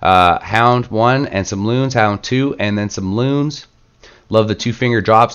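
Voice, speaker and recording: A man with a stuffed-up, under-the-weather voice talks through game replays in a relaxed, chatty way, full of fillers. His tone is smooth and a touch low, captured on a dull, lo-fi recording. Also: measured pace. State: sick and stuffed up. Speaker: gaming channel host. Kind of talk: casual play-by-play game commentary.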